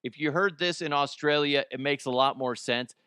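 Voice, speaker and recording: A man's voice: a little high, moderate pace, pushed and bright, clear, resonant tone, no echo, clean studio sound. A man from the United States hosting a comedy news show, rambling and swearing casually and laughing at his own jokes.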